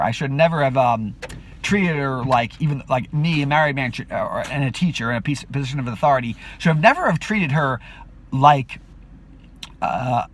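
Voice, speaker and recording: A man hosting a video, talking in a casual rambling monologue full of restarts and fillers. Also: a bit bright. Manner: acts out quotes with sudden high-pitched outbursts. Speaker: video host.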